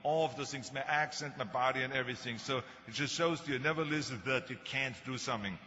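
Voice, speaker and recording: Speaking quickly in a mid-range, bright and forceful voice, an older man with a thick Austrian German accent motivates his audience through stories and dry wit. The recording, made in a hall, sounds muffled.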